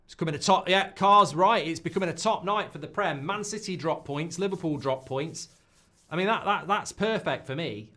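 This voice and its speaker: A man hosting a live football watchalong, reacting loudly to goals and swearing freely. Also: a little high. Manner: excitable, swears, shouts at goals. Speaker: watchalong host.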